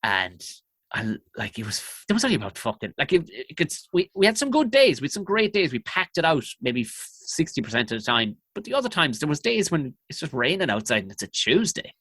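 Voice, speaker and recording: A man's voice: on the high side, fairly quick, breathy edge, no echo. Irish male comedian, casual swearing storyteller, dry close sound. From Ireland. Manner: profane, animated anecdotes. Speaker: comedian guest.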